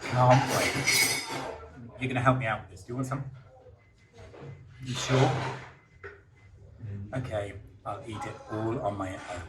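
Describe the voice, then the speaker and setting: A man's voice: on the low side, normal speed, long pauses. A man hosting a vlog in a casual, enthusiastic way, chatting as he tries food. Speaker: vlogger host. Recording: loud background noise.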